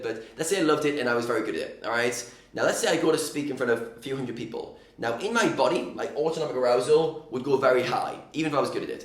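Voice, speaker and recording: A man's voice: medium pitch, reverberant. A man coaching poker players on mindset in a casual, direct teaching talk, checking in often with "all right?".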